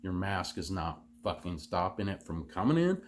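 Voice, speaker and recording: A man's voice: low-pitched, big pitch swings, moderate pace, slight background noise. A man from the United States hosting his own commentary show, delivering an angry, sneering, heavily profane monologue. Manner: angry, sneering, swears constantly. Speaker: host of a solo commentary show.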